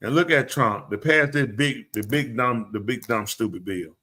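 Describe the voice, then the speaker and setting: A man hosting a live talk show, telling stories in an animated, emphatic way. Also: mid-range voice, moderate pace. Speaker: show host.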